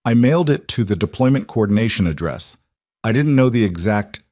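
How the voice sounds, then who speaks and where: A man's voice: lowish voice, animated, fairly quick, darkish tone, no echo, clean studio sound, close to an everyday voice. A man voicing an anxious, meddling woman who is careful at first and then blunt.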